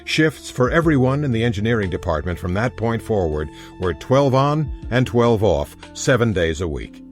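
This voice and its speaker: A man narrating a historical audiobook in an expressive storytelling manner. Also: on the low side. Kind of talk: scripted narration.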